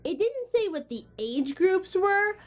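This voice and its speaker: A woman's voice: extremely high pitch, sing-song, measured pace. A woman in her twenties talking casually to the camera in a vlog, chatty and exasperated, laughing between lines. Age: 20s. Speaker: vlogger.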